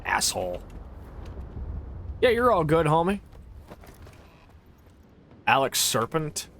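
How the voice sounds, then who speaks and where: A woman's voice: deep voice, very animated, slow pace, fairly bright tone, a little hiss or hum. A woman streaming a game live, chatting casually with viewers, rambling and swearing, with frequent fillers and laughs. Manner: reacts aloud to gameplay and answers chat. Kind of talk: casual gameplay livestream chat.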